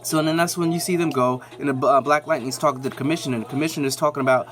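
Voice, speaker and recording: A man's voice: fairly high pitch, steady tone, very fast, fairly bright tone. A man hosting a nerd news channel, giving a casual, slangy, rambling recap of a TV episode with lots of fillers.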